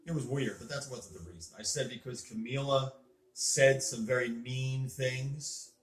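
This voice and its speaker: A man's voice: medium pitch, steady tone, a little slow. A man hosting a casual chat with a child, explaining things in an earnest, lecturing way while sitting on a bed indoors. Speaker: host. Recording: roomy echo.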